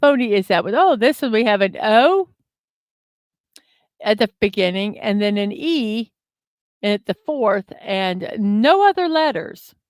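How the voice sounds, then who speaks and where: Woman, livestream host, slow talker, dry close sound, casual, fillers, reads comments aloud. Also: mid-range voice, lively intonation, no room sound. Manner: chatty, thinks aloud, many fillers, reads viewer comments aloud. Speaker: host of a daily morning livestream. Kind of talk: casual chat while playing a word puzzle. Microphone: desk microphone.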